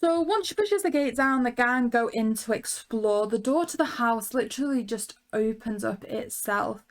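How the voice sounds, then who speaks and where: A woman's voice: on the high side, lively intonation, moderate pace. A woman co-hosting a podcast, casually recapping a cartoon episode and laughing easily. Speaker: podcast co-host. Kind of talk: casual review chat.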